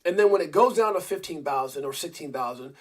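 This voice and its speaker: Husky-voiced man rambling on a livestream. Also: fairly high pitch, expressive, fast talker. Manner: rambling, with many restarts and repeated words; addresses viewers and a co-host directly. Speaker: crypto livestream host. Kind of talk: casual live-stream talk.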